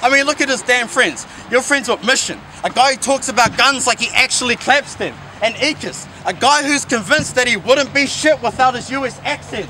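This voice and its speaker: A man's voice: very high voice, moderate pace, hardly any pauses, sharp tone, a little hiss or hum. A young man spitting an aggressive, mocking battle rap verse outdoors by a skate park. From New Zealand. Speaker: battle rapper.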